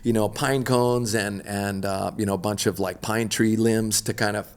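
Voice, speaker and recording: A middle-aged man, an extreme athlete guest, telling a story in an animated, slangy, laid-back way. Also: on the low side, normal speed, smooth. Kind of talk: casual storytelling interview.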